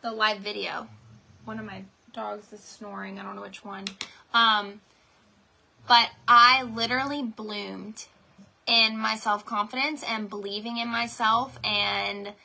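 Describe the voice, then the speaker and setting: A woman's voice: medium pitch, steady tone, unhurried, creaky, bright, forceful tone. A woman, rambling and chatting directly to viewers in a motivational live stream from home. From North Carolina. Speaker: direct sales team leader.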